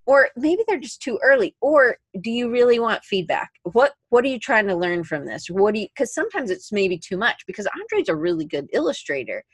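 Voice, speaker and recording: A woman's voice: medium pitch, expressive, normal speed, hardly any pauses, no echo. A woman co-hosting a podcast in casual chat, rambling and correcting herself as she talks. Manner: chatty, rambling, self-correcting. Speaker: podcast co-host.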